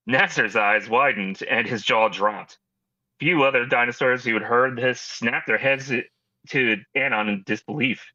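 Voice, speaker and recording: Guy narrating a fanfic, bright edgy tone, dry kinda muffled audio. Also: mid-range voice, no echo. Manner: steady narration, joking asides. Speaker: host and story reader. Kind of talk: reading a fan story aloud.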